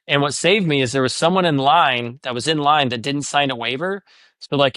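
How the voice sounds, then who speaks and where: Dry-voiced man telling a lively story. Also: mid-range voice, a little fast, no room sound. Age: adult, divorced four years ago. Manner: animated storyteller, acts out quoted voices. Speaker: podcast host. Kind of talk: casual podcast chat.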